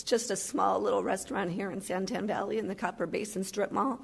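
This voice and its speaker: A woman from Chicago who owns a restaurant, speaking emotionally and earnestly at a county meeting, halting often with fillers. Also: mid-range voice, fairly even intonation, vocal fry, breathy edge. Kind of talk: public comment at a county meeting.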